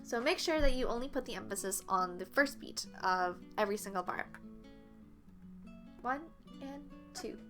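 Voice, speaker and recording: A woman's voice: mid-range voice, animated, brisk, few pauses, music in the background. A woman teaching a flute lesson, explaining patiently step by step and counting beats aloud. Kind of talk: online music lesson.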